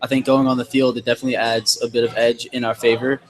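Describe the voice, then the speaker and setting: A young man, a soccer player guest, answering in a measured, earnest way. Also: medium pitch, flat delivery, low-quality recording. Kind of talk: casual interview.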